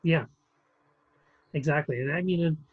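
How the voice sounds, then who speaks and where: A man's voice: a little high, moderate pace, slightly rough, phone-quality sound. A man co-hosting a film review podcast, talking casually with many ums and restarts. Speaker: podcast co-host reviewing films. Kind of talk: casual chat.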